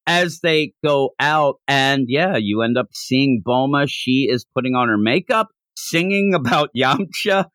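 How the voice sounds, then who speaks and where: A man hosting a podcast, recapping a comic chapter in casual chat with a rambling, animated way of telling it. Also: mid-range voice, unhurried, few pauses, dry recording. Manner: rambling, animated retelling with frequent restarts. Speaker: podcast host.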